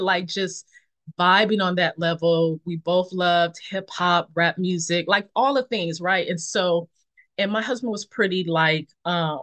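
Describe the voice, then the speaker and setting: Her faith testimony comes out unhurried and reflective as this forties-aged woman talks on a podcast as a guest. She pauses a lot, leans on fillers, and acts out friends' words in lively, high voices.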